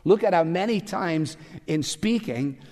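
A man's voice: fairly high pitch, expressive, unhurried, a little mellow. A man preaching a sermon as pastor, emphatic and full of rhetorical questions. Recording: long hall reverb.

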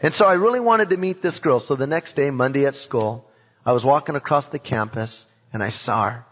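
A man's voice: medium pitch, fairly quick. Man telling his testimony in a hall. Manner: animated, acts out voices and sounds in his story. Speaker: speaker giving a testimony. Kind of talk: personal testimony storytelling. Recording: dull sound in a reverberant hall.

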